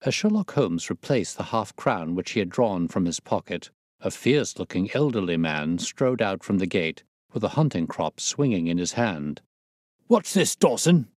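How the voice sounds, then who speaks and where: Storyteller, low steady man, dry close sound. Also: no room sound. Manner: measured, steady reading. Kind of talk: audiobook narration.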